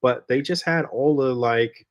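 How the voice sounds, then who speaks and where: A man hosting a podcast, chatting in a relaxed, laid-back way, swearing freely and trailing off with fillers. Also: medium pitch, unhurried, highs cut off. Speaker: podcast host. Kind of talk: casual chat.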